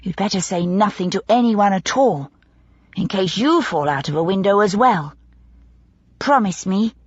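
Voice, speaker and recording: A woman voicing a curious, well-bred young lady in disguise who asks eager, hushed questions. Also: medium pitch, expressive, a little slow, breathy edge, dry recording, lo-fi sound. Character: genteel young woman posing as a maid, curious.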